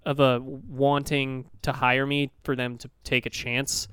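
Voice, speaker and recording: A man's voice: medium pitch, level tone, unhurried, a bit bright, clean tone, no echo. A young man co-hosting a community radio show, telling rambling, joking stories and swearing freely. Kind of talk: casual chat.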